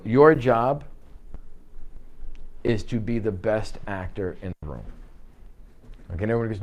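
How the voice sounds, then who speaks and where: A man's voice: fairly low pitch, animated, moderate pace, pauses often. A man training a class of real estate agents in an office, talking in punchy bursts, throwing out rhetorical questions and checking in with "okay?". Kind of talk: live training talk to a class.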